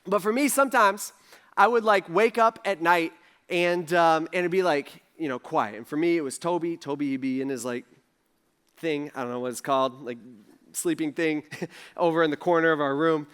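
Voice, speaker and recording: A man in his thirties, a pastor, preaching a conversational sermon with animated storytelling and frequent fillers. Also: fairly high pitch, normal speed, smooth. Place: church sanctuary.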